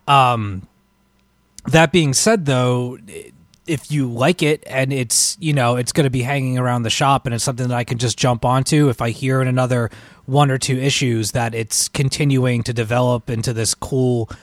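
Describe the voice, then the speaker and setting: A man on a casual comics podcast, recorded close and dry with no room sound. He talks in long, hesitant, winding sentences and pokes fun at himself. His voice sits at an ordinary middle pitch. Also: steady tone, normal speed, no echo. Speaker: podcast co-host. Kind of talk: casual chat.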